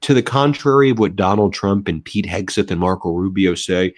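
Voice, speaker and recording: Male commentator, low voice, dry close sound, emphatic and scornful. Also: lively intonation, a little fast, hardly any pauses, dry recording. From United States. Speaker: political commentator. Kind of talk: political commentary video.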